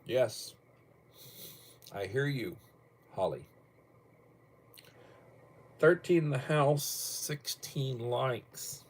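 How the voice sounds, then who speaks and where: A man's voice: mid-range voice, expressive, extremely slow, pauses often, a little hiss or hum. An older man hosting a casual livestream from home, rambling bluntly and cursing casually between topics. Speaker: livestream host.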